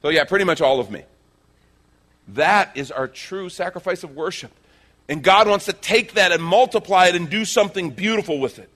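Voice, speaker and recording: A male pastor preaching a sermon, telling the story with animated energy and acting out the characters' lines. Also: high-pitched, moderate pace. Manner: animated storytelling, acts out quotes.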